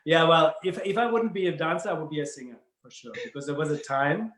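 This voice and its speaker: A German-accented man, a dance guest in a casual interview, playful and quick to laugh. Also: on the high side, lively intonation, fairly bright tone. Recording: echoey room with faint noise.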